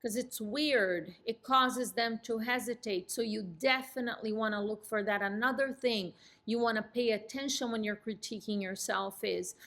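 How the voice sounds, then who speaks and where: A middle-aged woman talks straight to camera as a real estate coach. Her voice sits a bit high with a crisp, bright edge. She sounds sure of herself and brings her sentences down at the end. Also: normal speed. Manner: firm, ends sentences on a falling tone. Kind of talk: direct-to-camera coaching talk.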